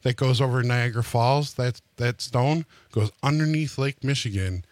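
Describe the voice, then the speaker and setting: A man's voice: medium pitch, moderate pace, dry recording. A man co-hosting a radio show, explaining things in casual chat with a rambling, filler-heavy manner.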